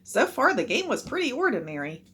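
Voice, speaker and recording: A woman's voice: fairly high pitch, sing-song, fairly quick, pushed and bright, slight background noise, voice pushed up. A woman voicing a curious, earnest young boy who wonders aloud in his thoughts. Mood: puzzled.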